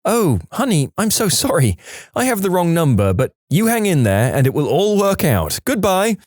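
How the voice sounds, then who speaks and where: A kindly, motherly older woman who is apologetic and consoling, her voice pitched up high and dry, as a man puts her on. The recording is close and without room sound. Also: huge pitch swings, normal speed, darkish tone, no room sound, heavily acted.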